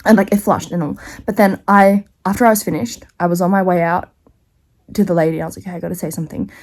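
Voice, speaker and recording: A woman's voice: on the low side, a little fast. Young woman vlogger, casual confessional storyteller, giggles through her lines, slangy and rambling.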